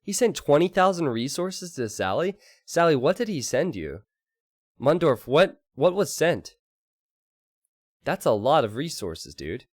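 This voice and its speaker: A man casting a strategy game live and chatting with his stream audience, excitable and quick to laugh. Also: a little high, no room sound, studio quality. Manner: excitable, laughs often, talks to chat.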